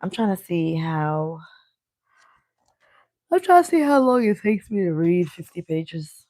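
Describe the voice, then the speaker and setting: Low voiced woman streaming a book read, blunt and jokey, swears a lot, dry close mic. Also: sing-song, a little slow, dark tone, no room sound. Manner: blunt, joking, swears freely, drifts between chat and reading. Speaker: streamer reading a book aloud. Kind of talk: casual chat while reading on stream. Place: indoors at home. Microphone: handheld mic.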